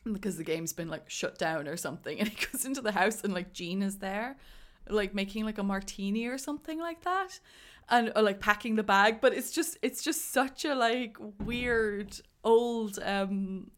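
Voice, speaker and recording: A woman co-hosting a casual film chat who laughs often and tells scenes with animated energy. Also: medium pitch, moderate pace. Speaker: podcast co-host.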